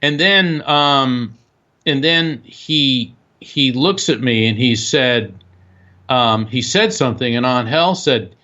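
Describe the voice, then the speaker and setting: A man is being interviewed as a guest and spins an animated story, full of fillers and restarts. His voice sits at an ordinary middle pitch. The audio is dull and lo-fi, like a radio recording. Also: slow pace. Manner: animated anecdote telling with many fillers. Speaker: guest author.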